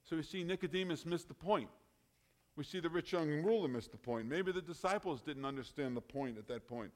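A man preaching a sermon, emphatic, often rising in loudness and then dropping low. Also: lively intonation, fairly quick.

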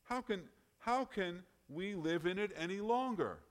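A man preaching a sermon, emphatic, often rising in loudness and then dropping low. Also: animated, a little slow.

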